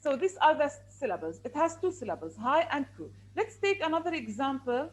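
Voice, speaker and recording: A woman's voice: high-pitched, very animated, a little fast, slight background noise, low-quality recording. A woman teaching an online English class over a video call, patiently repeating and stretching words as she explains.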